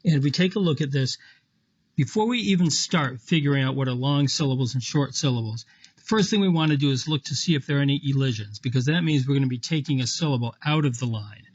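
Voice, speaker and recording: A man's voice: medium pitch, quick pace, husky, muffled recording. A man teaching Latin in a screen lecture, explaining patiently step by step with small self-corrections. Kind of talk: screen lecture walking through an example.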